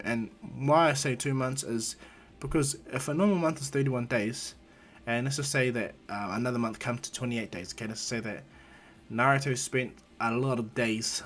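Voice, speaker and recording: A man narrates an improvised fan story in a loose, rambling way, often stopping to correct himself. His voice sits at an ordinary middle pitch.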